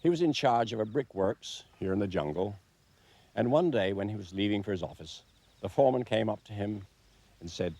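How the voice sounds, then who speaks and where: Documentary presenter, man, very low voice, measured and dry delivery. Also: animated, mellow, slightly rough, no room sound. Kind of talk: documentary narration to camera.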